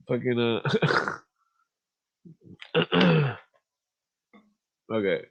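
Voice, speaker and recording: A male podcast host talks in a blunt, profane, rambling way, full of fillers and restarts, then reads passages aloud. His voice sits at an ordinary middle pitch. The sound is a little dull and lo-fi, like a home livestream. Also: measured pace, a bit bright. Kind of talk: casual ranting and reading aloud.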